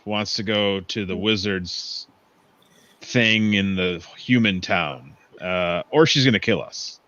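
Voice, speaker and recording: A man's voice: deep voice, takes it slowly, bright, forceful tone, no room sound. A man playing a tabletop game, trading crude jokes in casual banter, in a dry, dull lo-fi recording. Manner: crude, joking. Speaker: player.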